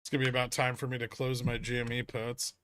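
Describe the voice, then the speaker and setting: A man's voice: medium pitch, monotone, fast talker, fairly bright tone, a little hiss or hum. A man hosting a casual trading livestream, reading chat questions and answering with dry, sarcastic humor. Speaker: livestream host.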